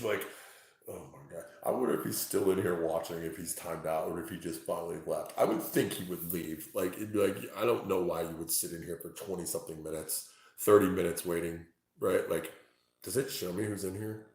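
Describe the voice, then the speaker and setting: A man reading tarot live for his chat from home, talking excitably, swearing freely and exclaiming. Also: low voice, moderate pace, creaky. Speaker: tarot reader livestreaming to chat. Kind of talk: casual live-stream chat. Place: at home, indoors. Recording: very echoey room.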